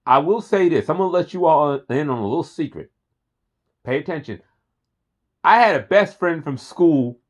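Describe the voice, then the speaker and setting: A man talking straight to camera in a relaxed, enthusiastic vlog. He rambles and repeats himself with a mid-pitched voice. The recording is dull and lo-fi. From Philadelphia. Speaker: host. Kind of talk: casual vlog monologue.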